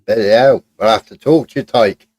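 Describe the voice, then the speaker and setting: A man chats casually, jokey and full of swearing. His voice sits fairly low. The sound is dry and close, with no room echo. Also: a little fast, darkish tone, slightly rough. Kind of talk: casual banter with chat.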